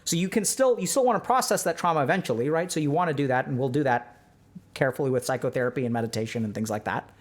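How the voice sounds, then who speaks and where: A man giving an animated, conversational livestream lecture on meditation. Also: mid-range voice, fast. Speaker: streamer giving a talk.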